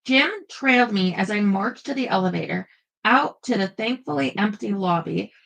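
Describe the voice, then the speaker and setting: A woman's voice: mid-range voice, expressive, normal speed, gravelly, a bit bright, poor audio. A woman reading a first-person paranormal romance aloud with playful expression, stopping now and then for chatty asides. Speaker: audiobook narrator.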